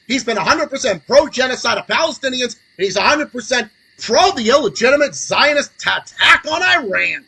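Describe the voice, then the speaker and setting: Brief: young male streamer, furious profane rant, sneering sarcasm, raspy and bright. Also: very high voice, poor audio. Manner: angry, sarcastic, swings between muttering and shouting. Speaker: podcast host. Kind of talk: profane political rant on a livestream.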